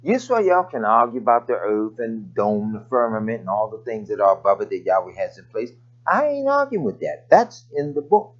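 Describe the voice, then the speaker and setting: A male preacher delivering a sermon, his pitch swooping up and down as he mixes homely asides with scripture. The recording is muffled and lo-fi. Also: very animated, normal speed. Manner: conversational preaching with folksy asides and scripture readings.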